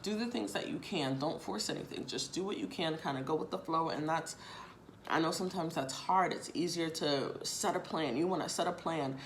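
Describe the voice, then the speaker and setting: Woman tarot reader, casual and chatty, lower pitch, loose and repetitive delivery. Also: normal speed, slight background noise. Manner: chatty, repeats phrases, casual swearing, addresses viewers directly. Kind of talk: casual tarot reading to viewers.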